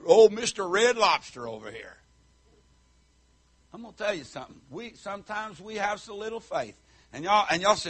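A middle-aged man preaching a fiery country sermon, whooping and shouting, then dropping low and soft. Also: very animated, moderate pace, breathy edge, no echo.

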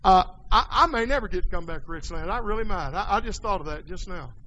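A man preaching a folksy sermon in a church, dropping quiet and then rising to hollering. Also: high-pitched, animated, quick pace, slight background noise, low-quality recording.

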